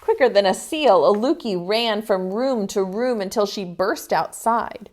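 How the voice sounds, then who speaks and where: A woman's voice: mid-range voice, measured pace, darkish tone, slight background noise. A woman preschool teacher in an online video class, reading a picture book aloud expressively and asking the children questions.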